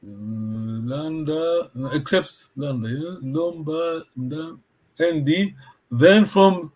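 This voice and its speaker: Patient male tutor on a video call, unhurried delivery, voice a touch high. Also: darkish tone. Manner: patient, keeps checking that students follow. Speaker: language teacher. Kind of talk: online language lesson.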